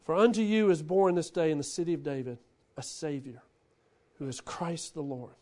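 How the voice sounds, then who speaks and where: A man preaching a sermon, who swings between loud, animated bursts and hushed, quiet lines. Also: fairly high pitch, normal speed. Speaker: pastor.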